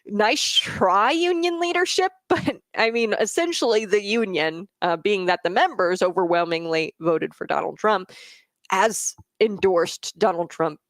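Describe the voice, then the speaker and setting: A woman's voice: mid-range voice, a little slow, fairly bright tone, no echo. A woman hosting a political commentary show, talking in a casual monologue with many fillers and restarts, and answering viewer comments.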